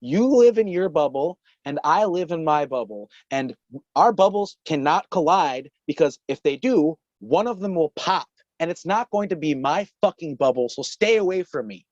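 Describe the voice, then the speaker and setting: A man's voice: a little high, animated, moderate pace, a little mellow, dry recording. A man telling a long story as a podcast guest, rambling and swearing, often breaking into laughter. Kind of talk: casual storytelling. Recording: dull lo-fi call audio.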